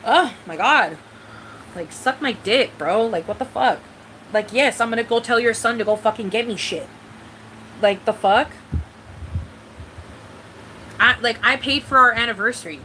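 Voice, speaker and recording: A woman's voice: fairly high pitch, unhurried, pauses often, sharp tone, a little hiss or hum, rough recording. A young woman from Mexico ranting bluntly and profanely in a casual live-stream chat. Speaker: vlogger.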